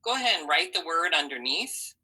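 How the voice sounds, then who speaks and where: A woman teaching a phonics lesson to young children, slowly sounding out letters and syllables with encouraging praise. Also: low-pitched, animated, bright, forceful tone, breathy edge, poor audio.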